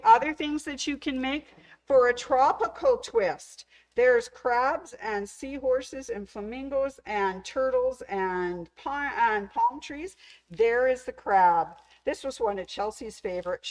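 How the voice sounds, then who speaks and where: A woman's voice: on the high side, a little slow, low-quality recording. A middle-aged woman hosts a casual show-and-tell for her sewing store. She is chatty and enthusiastic and keeps gushing over how cute each piece is. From Canada.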